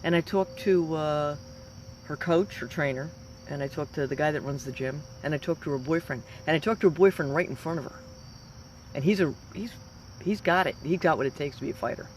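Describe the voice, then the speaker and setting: A woman's voice: deep voice, a little fast, a little mellow, slight background noise. A woman in her fifties, a professional fighter, giving an emphatic, rambling motivational talk. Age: 50s. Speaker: professional mixed martial arts fighter.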